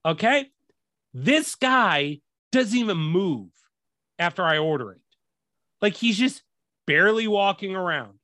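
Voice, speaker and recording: A man with a higher voice and a bright, forceful tone tells a story as a casual, exasperated rant full of swearing. He is a podcast host talking to his co-host, and the sound is dry and close. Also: expressive, measured pace, long pauses, no room sound.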